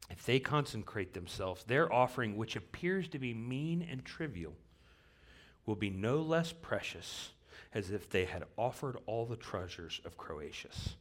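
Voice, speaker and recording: Male pastor, sermon delivery, earnest, low register, emphatic scripture reading, repeats lines for weight. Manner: repeats key phrases for weight.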